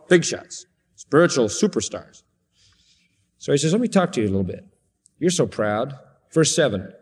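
A man preaching an expository sermon, emphatic, rising to high sarcastic tones when he quotes. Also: a little mellow. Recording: long hall reverb.

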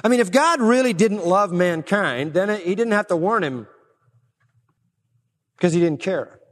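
Male preacher, high-pitched, emphatic sermon delivery, long hall reverb. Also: expressive. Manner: emphatic, swings between raised stresses and low, slow drops.

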